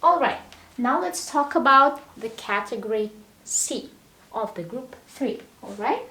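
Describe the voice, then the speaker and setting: A woman teaching English verbs, saying each form slowly and clearly and often checking in with the learner. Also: on the high side, expressive, pushed and bright, reverberant. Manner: drills verb forms one word at a time, checks in with "all right?". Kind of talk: slow, deliberate language lesson.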